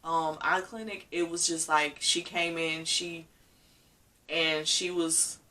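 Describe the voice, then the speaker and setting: A woman vlogger tells a personal story candidly, her feelings close to the surface as she acts out what was said to her. Her voice is bright and forward. She sits a little back from the mic. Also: deep voice, steady tone, slow pace, far from the mic. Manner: candid, emotional storytelling with acted-out quotes.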